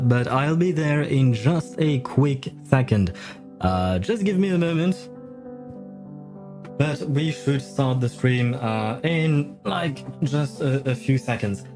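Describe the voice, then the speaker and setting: A man streaming live, chatting casually and rambling with many fillers, self-corrections and laughs; English is not his first language. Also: mid-range voice. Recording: faint music behind. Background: faint game music.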